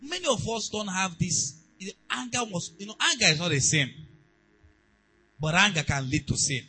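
Man, pastor, sermon, emphatic, high lively voice, faint music behind. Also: moderate pace, breathy edge, low-quality recording. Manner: emphatic preaching, swinging between quiet asides and loud exhortation.

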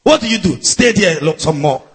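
A man preaching a sermon to a live congregation, laughing out loud and shouting chanted refrains. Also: on the high side, animated, normal speed, breathy edge.

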